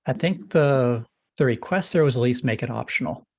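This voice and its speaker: A man runs a casual technical discussion over a video call, keeping his voice in a flat monotone. His pitch sits mid-range, and the sound is close and dry, with no room echo. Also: moderate pace, vocal fry. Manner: self-described monotone delivery. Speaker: meeting lead.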